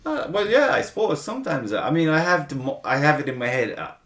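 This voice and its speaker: A man's voice: on the high side, sing-song, brisk, a bit bright. A man chatting casually as a podcast host, profane and self-mocking. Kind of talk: casual chat. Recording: roomy echo.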